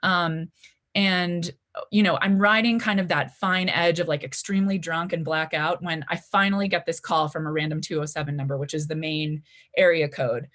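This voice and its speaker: A woman's voice: low-pitched, fairly even intonation, normal speed, fairly bright tone. A woman in her twenties telling a personal story at a live story slam, chatty, with lots of "like" and "you know" fillers. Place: library event stage before an audience.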